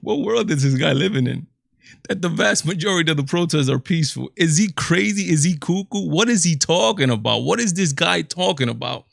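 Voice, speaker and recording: A man's voice: fairly high pitch, animated, a little fast, gravelly, a bit bright, no echo, studio quality. A man with a Latino accent hosting a political commentary livestream, exasperated and incredulous, firing off rhetorical questions. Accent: Latino English. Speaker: show host.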